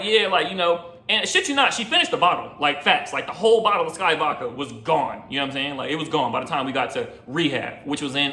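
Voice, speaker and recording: A man's voice: fairly high pitch, sharp tone, echoey room. Slangy young man telling a story. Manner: slangy, rambling, keeps asking you know what I'm saying. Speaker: rideshare driver. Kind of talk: casual storytime.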